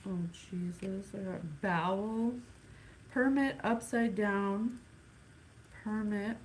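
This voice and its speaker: A woman giving a casual psychic reading, thinking aloud with sighs and halting pauses. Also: mid-range voice, fairly even intonation, slight background noise, low-quality recording. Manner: musing, sighing, thinking aloud; slow, halting, counts things off one by one. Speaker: psychic reader. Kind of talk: casual spirit reading to camera.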